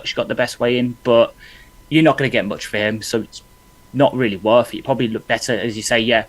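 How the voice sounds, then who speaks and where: Man, podcast co-host, casual, thinks aloud, mid pitch. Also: low-quality recording. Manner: loose, thinking-aloud analysis with restarts.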